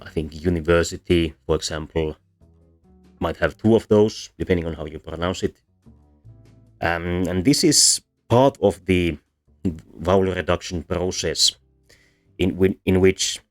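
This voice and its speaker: A man presenting a livestreamed linguistics lecture, explaining patiently with frequent ums and uhs and demonstrating vowel sounds. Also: low voice.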